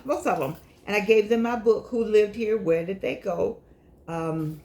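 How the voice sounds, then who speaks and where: A woman's voice: mid-range voice, a little mellow. An older woman talking casually to her viewers, chatty and scolding, who repeats herself and speaks slightly unclearly because she is missing teeth. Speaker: vlogger and author. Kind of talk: casual monologue to camera.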